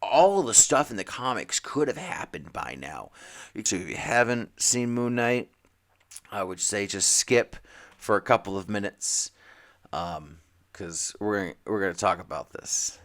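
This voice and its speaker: A man co-hosting a comics podcast, talking in a rambling, animated way with many restarts and little acted-out quotes. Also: lowish voice, measured pace. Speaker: podcast co-host. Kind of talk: casual chat about comics and TV.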